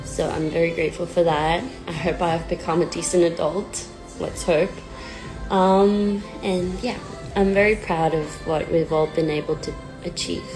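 Slow, halting young woman on a livestream. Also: lowish voice, fairly even intonation, music in the background, low-quality recording. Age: 20s. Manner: halting and hesitant, self-deprecating, many fillers. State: nervous and near tears. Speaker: pop singer on a livestream. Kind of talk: casual livestream chat. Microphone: phone. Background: sad song playing faintly.

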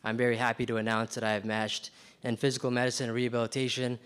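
A young man, a medical graduate, calmly thanking his family and mentors in a match day speech. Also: mid-range voice, quick pace, smooth. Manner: calm, thankful, steady.

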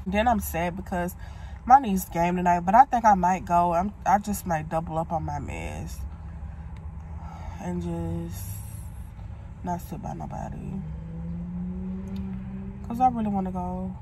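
A woman's voice: lowish voice, warm tone, slight background noise. A woman, sick and coughing, complaining in a casual, drawling vlog to camera. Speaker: vlogger.

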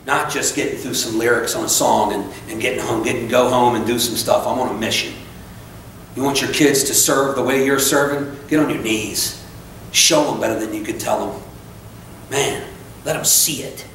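A man's voice: medium pitch, steady tone, moderate pace, a bit bright, distant mic, slight background noise. Male preacher echoing through a church. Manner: emphatic, repetitive preaching with asides and self-deprecating stories. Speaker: pastor. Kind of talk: sermon. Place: church sanctuary. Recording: echoey church recorded from afar.

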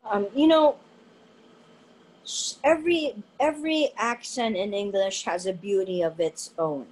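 A woman co-hosting a discussion for English teachers, her pitch sitting in an ordinary middle range. She talks casually and conversationally, often repeating a word while she finds her next thought. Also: measured pace, poor audio. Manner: relaxed, conversational, repeats words while thinking.

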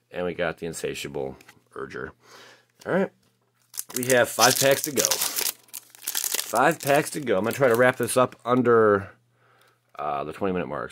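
A man hosting a casual card-opening video, chatty and excitable, exclaiming over each pull with lots of fillers. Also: fairly low pitch. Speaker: card-opening channel host. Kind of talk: casual pack-opening commentary.

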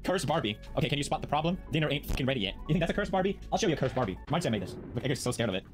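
A man's voice: on the high side, rapid-fire, over music. A man hosting a video, giving jokey reaction commentary on online posts at home and laughing often. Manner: animated, jokey, laughs often, talks to his pets. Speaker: video host.

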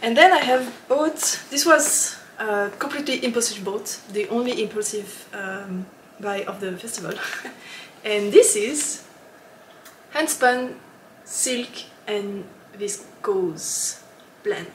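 A woman's voice: medium pitch, takes it slowly, echoey room. Woman podcast host, casual chat, giggly and rambling, mid-range voice, faint background hiss. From lives in Switzerland. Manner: chatty and giggly, with frequent ums and laughs.

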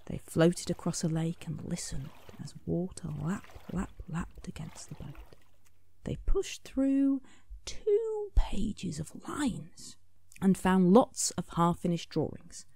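A woman, an author, reading her picture book aloud expressively, often dropping into a soft whisper. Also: on the low side, a little slow, gravelly. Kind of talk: storybook read-aloud.

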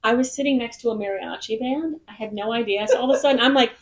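Speaking fast in a slightly high voice, a woman singer-songwriter guesting on a podcast in Nashville tells stories in a bubbly, rambling way during a casual chat.

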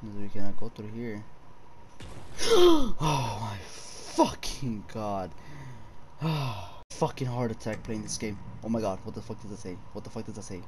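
A man's voice: fairly low pitch, very animated, unhurried, a crowd in the background. A young man commenting on a horror game for viewers, swearing a lot, jumpy, and addressing them as boys. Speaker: gaming streamer.

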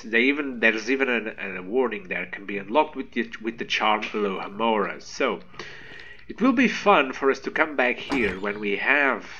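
Excited guy doing let's play commentary, bright punchy voice, keeps talking to the viewers. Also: fairly low pitch, a little hiss or hum. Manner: excitable, animated, talks to viewers. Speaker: gaming video host.

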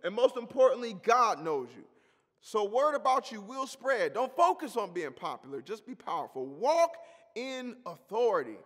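Male pastor, high voice, emphatic repetitive preaching, church hall reverb. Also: very animated, moderate pace, a bit bright. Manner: emphatic preaching with repeated phrases. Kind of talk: sermon.

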